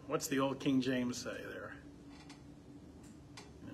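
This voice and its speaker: A man's voice: medium pitch, takes it slowly, gravelly, slight background noise. A man leading a Bible study, asking the group questions and reading passages aloud with rising emphasis. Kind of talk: conversational Bible teaching.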